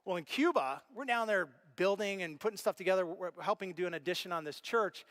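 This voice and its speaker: A man preaching a sermon as pastor, telling stories with lively, animated reactions. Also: high-pitched, fairly quick. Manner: animated storyteller, acts out his own reactions.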